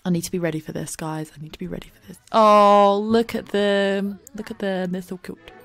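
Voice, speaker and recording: A woman's voice: mid-range voice, fairly even intonation, a little fast, creaky, a bit bright. A woman giving chatty, giggly let's play commentary into a desk microphone at home. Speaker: gaming YouTuber.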